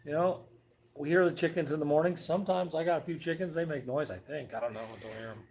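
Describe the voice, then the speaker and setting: Man hosting a home livestream, a touch high-pitched, blunt and rambling, swears casually. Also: fast talker, a little mellow. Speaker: livestream host.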